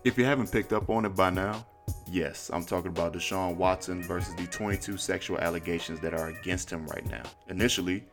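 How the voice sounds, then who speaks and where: A man hosting a podcast, telling a story in a casual, profane, animated way and acting out quotes in high voices. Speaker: podcast host.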